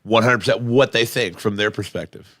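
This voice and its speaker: Podcast host guy, lowish voice, kinda bright and sharp, just agrees and sums stuff up. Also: fairly quick, no room sound, clean studio sound. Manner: agreeable, sums up points plainly. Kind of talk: casual podcast chat.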